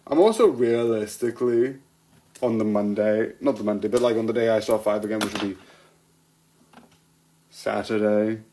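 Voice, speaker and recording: A man's voice: lowish voice, moderate pace, pauses often, warm tone, a little hiss or hum, low-quality recording. Rambling young-sounding man chatting casually. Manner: rambling, laughs often, restarts sentences. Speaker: vlogger reviewing TV episodes.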